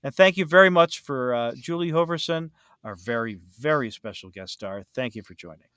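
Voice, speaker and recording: A man's voice: medium pitch, animated, a little fast, fairly bright tone, smooth, no room sound, clean studio sound. A man hosting a podcast in casual chat, rambling with many fillers and restarts. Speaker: podcast host.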